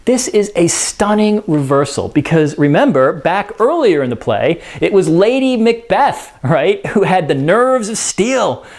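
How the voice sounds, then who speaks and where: A man's voice: high voice, very animated, unhurried, hardly any pauses, darkish tone. A man explaining a play in a casual spoken lesson, conversational and full of "you know" and restarts. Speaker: teacher.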